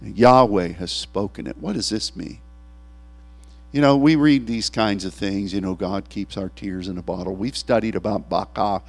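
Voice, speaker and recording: A man preaching a sermon as a pastor, animated and tearful, laughing at times and acting out the voices he quotes. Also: lowish voice, normal speed.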